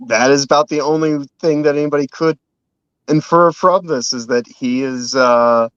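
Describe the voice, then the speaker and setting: A man's voice: fairly high pitch, steady tone, normal speed, fairly bright tone, clear, resonant tone, no echo, highs cut off. A man co-hosting a live stream, laid-back and agreeing, with hesitant fillers. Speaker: co-host. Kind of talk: casual live-stream chat.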